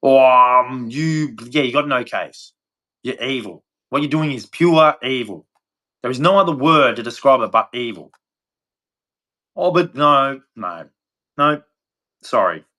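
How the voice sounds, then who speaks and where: A man's voice: mid-range voice, expressive, unhurried, long pauses, pushed and bright. An Australian man from Australia giving a blunt, rambling opinion rant to camera, swearing freely. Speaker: vlogger.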